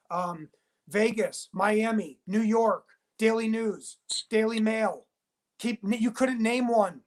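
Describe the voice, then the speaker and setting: A man speaking in a heated interview as a whistleblowing TV producer, emphatic and insistent, talking in rapid bursts and repeating himself. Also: high voice. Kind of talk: heated interview, phone-style conversation.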